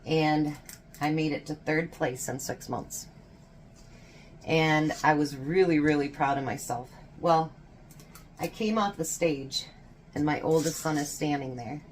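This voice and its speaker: A woman's voice: deep voice, measured pace, a little hiss or hum. A woman in her fifties chatting casually while baking in her kitchen, telling stories and laughing often. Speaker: home baking vlogger.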